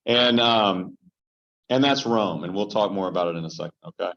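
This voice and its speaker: Joking pastor teaching a Bible study. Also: male voice, low-pitched, normal speed. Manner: joking, animated storyteller who addresses the group directly. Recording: dull, lo-fi sound.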